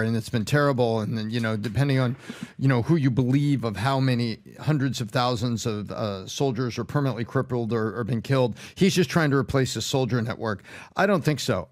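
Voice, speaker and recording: A man on a talk show panel, speaking emphatically and repeating key words for force. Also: medium pitch. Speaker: real estate panelist. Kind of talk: casual talk show discussion.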